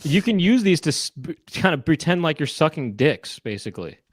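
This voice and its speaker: Casting: playful male co-host, wildly swooping pitch, dry close sound. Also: big pitch swings, fairly quick, husky, no echo. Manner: playful, mimicking. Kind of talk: casual chat.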